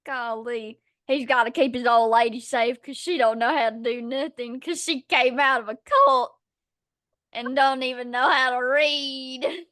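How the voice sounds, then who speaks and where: A young woman co-hosting a podcast, ranting in a blunt, profane, animated casual chat. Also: high voice, measured pace, no room sound, studio quality. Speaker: podcast co-host.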